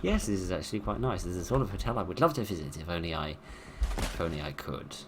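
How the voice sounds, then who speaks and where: A deep-voiced British man commentating on a horror game. He is wry and sarcastic and rambles through his jokes. There is a faint hiss of noise behind him. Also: animated, fast talker. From Britain. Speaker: let's-play host. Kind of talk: casual gameplay commentary.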